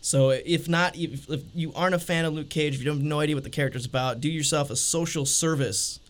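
A man hosting a casual panel chat, talking in a relaxed, rambling way with lots of fillers. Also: fairly high pitch, fairly quick. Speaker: host.

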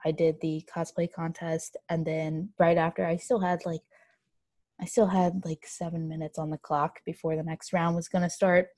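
Young woman co-host, lower voice, dry close sound, rambling and animated anecdote style. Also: normal speed, dry recording. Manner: animated, run-on storytelling with many fillers. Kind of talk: casual chat, storytelling.

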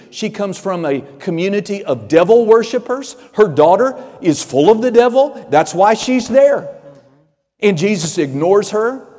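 A man preaching a sermon with fervor, building to shouts and acting out voices of Bible figures. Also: sits high, long reverb tail.

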